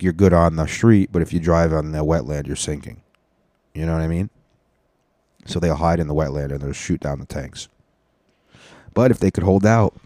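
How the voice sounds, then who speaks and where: A man's voice: low-pitched, warm tone, no echo, clean studio sound. A young man hosting a solo podcast, talking in a loose, profane, rambling way. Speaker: podcast host.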